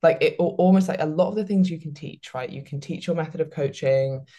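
Low-pitched woman podcast host; relaxed, rambling, filler-heavy chat. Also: fairly quick. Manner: chatty, lots of "like" fillers. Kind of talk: casual chat, reading listener questions.

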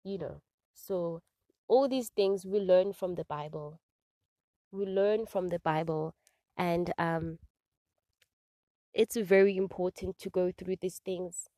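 A woman's voice: on the low side, slow, long pauses, warm tone, no room sound. A woman hosting a faith podcast, talking earnestly from her parked car without a proper microphone, with many fillers and repeats. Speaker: podcast host. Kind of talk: casual faith talk. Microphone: phone or built-in mic, no proper microphone.

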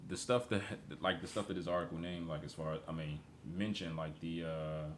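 A man's voice: low-pitched, fairly even intonation, a little fast, a little hiss or hum. A man co-hosting a podcast, telling profane workplace stories in a casual chat and laughing through them. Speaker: podcast co-host.

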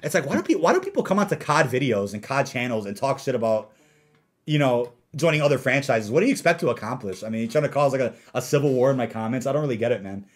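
Young male gaming streamer, casual, ranty, mid-pitched voice. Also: big pitch swings, fast. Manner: laid-back, ranting, laughs often. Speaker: gaming YouTuber reading viewer comments. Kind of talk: casual livestream chat.

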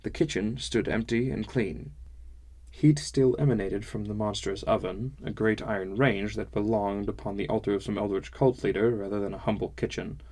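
A man narrating a first-person fantasy novel in a measured, wry storytelling manner. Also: on the low side, fairly even intonation, darkish tone. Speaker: audiobook narrator.

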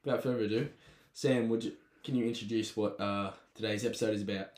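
A man's voice: lowish voice, fairly even intonation, fast, roomy sound, heavy background noise. An Australian man hosting a podcast in casual chat, rambling through stories and laughing often. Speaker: podcast host.

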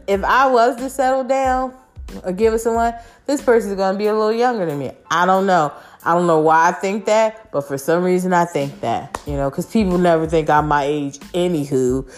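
A woman vlogger talking frankly and emphatically to the camera, swearing freely and often asking "you know?". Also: lowish voice. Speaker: vlogger giving dating advice. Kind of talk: casual monologue to camera.

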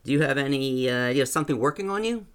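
A man doing a gruff old Wyoming rancher. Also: mid-range voice, expressive, fast talker, pitched above the performer's own voice, lightly acted. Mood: folksy. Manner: gruff, plainspoken, teasing. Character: folksy older male Wyoming rancher, blunt and joking.

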